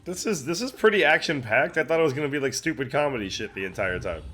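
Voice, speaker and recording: A man hosting a reaction video, chatting casually, excitable, laughing often and swearing freely. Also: medium pitch, fast, faint music behind.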